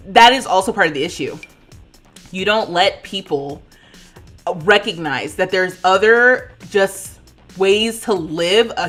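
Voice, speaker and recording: A woman in her thirties chatting casually on a livestream while she plays, laughing often and thinking out loud. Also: medium pitch. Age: 30s. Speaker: streamer.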